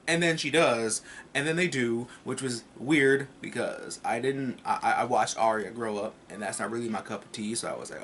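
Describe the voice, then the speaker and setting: A man's voice: medium pitch, a little fast, a bit bright, a little hiss or hum. A man casually reviewing a TV episode in a vlog, rambling, swearing and tossing in jokes. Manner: rambling and profane, with joking asides.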